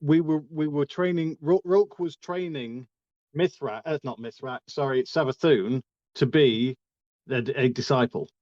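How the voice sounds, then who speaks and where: A man with a slightly high voice, correcting the others on a gaming podcast. His mic sounds dull and lo-fi in a dry, close room. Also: a little mellow, no room sound. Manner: corrective, quick-fire. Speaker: podcast co-host. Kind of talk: casual chat.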